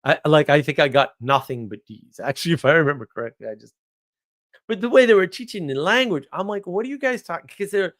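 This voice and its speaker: An American man in his forties telling rambling stories in a casual monologue, sarcastic, with mock outrage and animated asides. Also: fairly high pitch, brisk. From United States. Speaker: podcast host.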